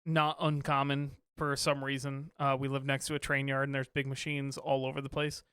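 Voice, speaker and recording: A man's voice: medium pitch, completely flat delivery, normal speed, pushed and bright, clean tone, no echo, clean studio sound. A man in his thirties, a father and podcast co-host, chatting casually with lots of fillers and restarts. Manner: rambling, many fillers and restarts. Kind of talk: casual chat.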